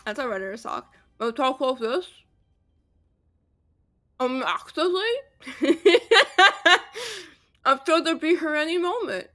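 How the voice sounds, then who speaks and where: A woman's voice: sits high, normal speed, long pauses, a bit bright, soft background music. A woman streamer giving casual, rambling and profane commentary while playing a game. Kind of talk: casual let's-play commentary.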